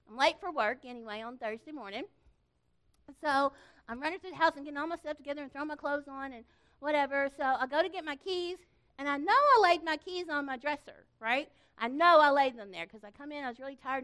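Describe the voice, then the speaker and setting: A middle-aged woman speaking to a church gathering in an informal way, telling a story in an animated, folksy manner and earnestly thanking the volunteers. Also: high-pitched, quick pace. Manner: animated storytelling, acting out quoted voices.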